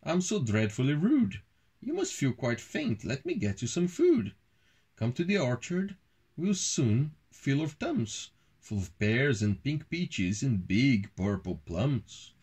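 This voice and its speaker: A man's voice: mid-range voice, very animated, takes it slowly, darkish tone, husky, exaggerated voice. A father reading aloud, voicing a kind young boy knight in a storybook. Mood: eager.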